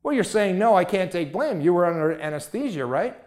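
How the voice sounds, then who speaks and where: A man's voice: high-pitched, big pitch swings, a little fast, darkish tone. A man giving a motivational talk, emphatic and full of rhetorical questions.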